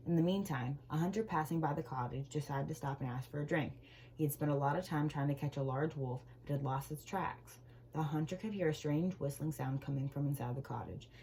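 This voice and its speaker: A woman reading a children's storybook aloud with gentle, expressive storytelling. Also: low voice, fairly quick, a little hiss or hum, low-quality recording.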